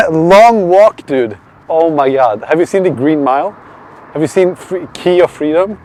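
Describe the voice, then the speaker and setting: A man's voice: a little high, lively intonation, a little slow, a little mellow. A man from Sweden live-streaming while walking outdoors at night, rambling, swearing and answering chat. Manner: rambling, swearing, restarts and reads chat aloud. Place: outdoors on a city street at night. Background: faint street and traffic noise.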